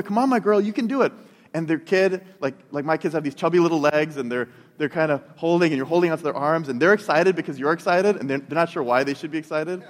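Man, 30s, pastor, earnest sermon, repeats words mid-thought, slightly high voice, long hall reverb. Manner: earnest, repeats words while building a point.

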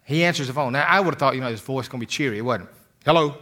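A man's voice: medium pitch, racing, bright, forceful tone. An older man giving a motivational talk, telling folksy stories and often repeating words as he starts a sentence. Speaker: motivational speaker.

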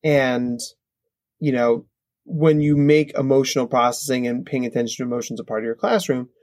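A man in his thirties talks through ideas as an expert guest, casual and lively. His voice sits a little high for a man. He keeps checking in with "right?" and slips into quick playful voices. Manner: animated, acts out kids' voices, frequent "right?". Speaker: psychologist guest. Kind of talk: conversational expert explanation.

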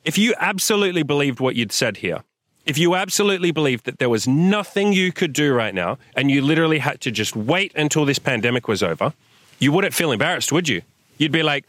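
A man's voice: fairly high pitch, big pitch swings, fairly quick, no room sound, clean studio sound. A young man hosting a show, giving a blunt, profanity-laced motivational rant to a listener, filmed outdoors in the sun. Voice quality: swears a lot, forceful and direct. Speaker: host. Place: outdoors in sunlight.

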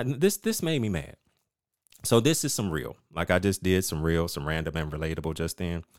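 A middle-aged man with a very low voice hosts his own podcast. He rants with animated, emphatic storytelling, swearing freely. The sound is dry and close to the mic. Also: dry recording. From United States. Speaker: podcast host. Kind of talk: casual rant monologue.

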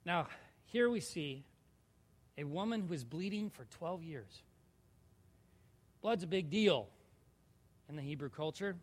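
A man's voice: on the high side, expressive, a little slow, long pauses, long reverb tail. A male pastor preaching a sermon, reading scripture aloud with rising intensity and asking his congregation questions. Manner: asks the congregation questions, jokes with them.

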